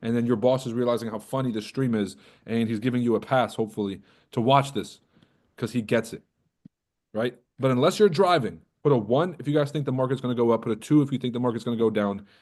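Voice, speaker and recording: A man's voice: mid-range voice, fast talker, darkish tone. A man hosting a trading livestream in casual, profane, joking talk, roasting and teasing his viewers. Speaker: trading coach and livestream host.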